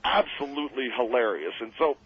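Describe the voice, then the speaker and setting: A man telling road stories as a guest on a radio show, rambling and animated, laughing at his own tales. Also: mid-range voice, a little fast, husky. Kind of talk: casual radio interview storytelling. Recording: muffled old radio broadcast.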